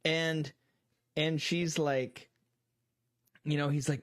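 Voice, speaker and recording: A man's voice: on the high side, little pitch movement, takes it slowly. A man co-hosting a casual movie discussion, retelling scenes with lots of swearing and quoted voices. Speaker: podcast co-host.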